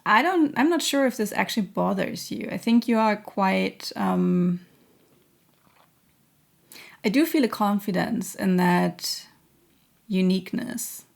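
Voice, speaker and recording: A woman doing an intuitive spiritual reading, speaking slowly and gently. Her voice carries a noticeable gravelly fry. She searches for words, pausing often with little fillers. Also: mid-range voice. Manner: hesitant, searching, many fillers. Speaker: intuitive reader.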